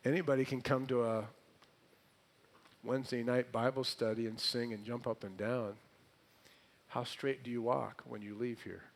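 A man preaching a sermon, quizzing the congregation with questions and swinging between loud emphatic phrases and hushed lines. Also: mid-range voice, steady tone, moderate pace, pauses often.

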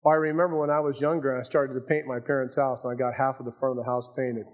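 An older man preaching a sermon as pastor, swinging between raised emphasis and hushed asides. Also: medium pitch, flat delivery, quick pace.

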